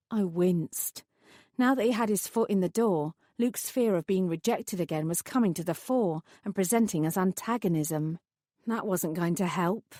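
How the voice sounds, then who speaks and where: A woman narrating a first-person audiobook in a lively storytelling manner. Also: fairly low pitch, moderate pace, dry recording, studio quality. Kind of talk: scripted narration.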